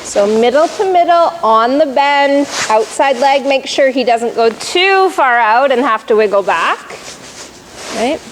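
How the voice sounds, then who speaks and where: High-voiced woman coaching a riding lesson. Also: expressive, a little slow, slight background noise, low-quality recording. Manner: instructive, encouraging, calls out cues. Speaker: riding instructor.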